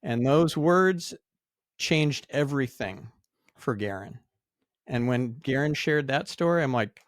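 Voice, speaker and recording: A man hosting a podcast, speaking in a reflective, measured way as he responds to his guest. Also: medium pitch, expressive, no room sound, studio quality. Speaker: podcast host. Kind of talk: interview conversation.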